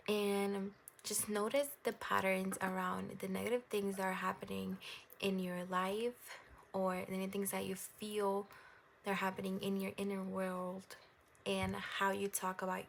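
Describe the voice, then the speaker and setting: A young woman doing a casual tarot reading, rambling gently and reassuringly and laughing at herself. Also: medium pitch, level tone, unhurried, creaky, slight background noise. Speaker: tarot reader.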